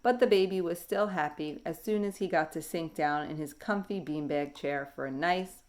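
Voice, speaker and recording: Woman slowly reading a picture book aloud. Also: low voice. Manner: slow, expressive storybook reading. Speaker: teacher.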